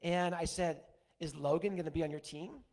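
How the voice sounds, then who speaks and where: An older man leads his congregation in a relaxed, conversational sermon. His voice sits a little higher than most men's. He tells folksy stories from his week with easy asides to the listeners. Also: moderate pace. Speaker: pastor.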